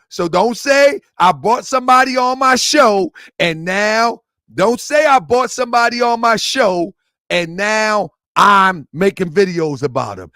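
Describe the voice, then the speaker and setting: A man hosting a livestream show, talking casually and excitably to viewers, repeating himself and laughing often. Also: high voice, no room sound, studio quality.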